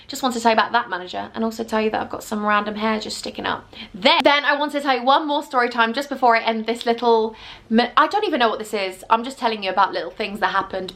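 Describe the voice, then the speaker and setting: A woman's voice: medium pitch, a bit bright. A woman in her twenties telling a rambling, chatty storytime vlog with many asides. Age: 20s. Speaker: vlogger.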